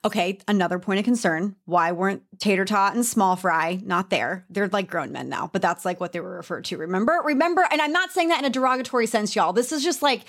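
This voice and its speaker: A woman's voice: mid-range voice, brisk, hardly any pauses, fairly bright tone. A woman with a Southern US accent co-hosting a podcast, chatting frankly and animatedly, swearing freely and saying y'all. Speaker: podcast co-host, beauty writer. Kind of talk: casual gossip chat.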